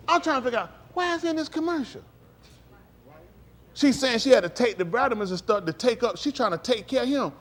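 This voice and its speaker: A man giving a casual talk to a congregation, blunt and joking, acting out plays as he talks. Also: high-pitched. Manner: blunt, ranting. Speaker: speaker addressing a congregation.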